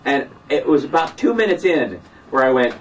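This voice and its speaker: A man's voice: medium pitch, sing-song, distant mic, a little hiss or hum, poor audio. Joking man on a radio studio mic. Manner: joking, rambling, quick asides. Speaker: guest comedian. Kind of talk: casual radio studio chat.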